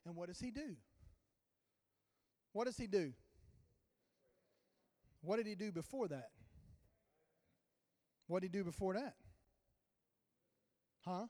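Male pastor, high voice, storytelling sermon, long church reverb. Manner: storytelling, with sudden swings in loudness. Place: church sanctuary.

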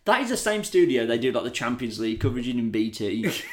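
Excitable sweary man, lively pitch. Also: quick pace, noisy background. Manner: excitable, sweary, laughs often. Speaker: podcast co-host. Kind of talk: casual chat.

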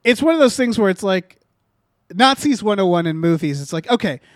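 A man's voice: sits high, sing-song, a little fast, dry recording, clean studio sound. A man co-hosting a podcast, chatting casually and profanely, exasperated and rambling as he reviews a film. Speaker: podcast co-host. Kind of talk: casual movie review chat.

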